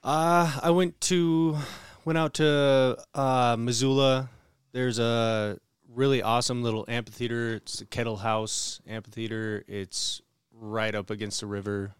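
A man's voice: mid-range voice, fairly even intonation, unhurried, clear, resonant tone, dry recording, studio quality. A laid-back man from Montana chatting casually as a podcast co-host. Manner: laid-back, laughs often. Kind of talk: casual chat.

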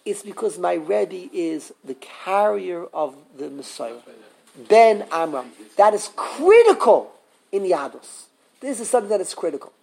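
A man teaching a live Torah class, animated and full of questions to the students, often restarting his sentences. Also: high voice.

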